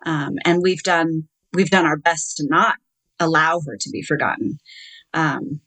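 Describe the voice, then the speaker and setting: A middle-aged woman telling her own story in an interview, measured and hesitant, acting out the dialogue she recalls. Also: low-pitched, a bit bright, low-quality recording. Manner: measured, recounting with quoted dialogue and hesitant fillers. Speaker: interview guest.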